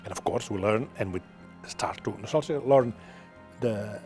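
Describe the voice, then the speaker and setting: Older Catalan man, halting non-native English. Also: fairly low pitch, darkish tone, faint music behind. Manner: halting, repeats words, frequent "okay?" tags, laughs often. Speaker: television producer, guest.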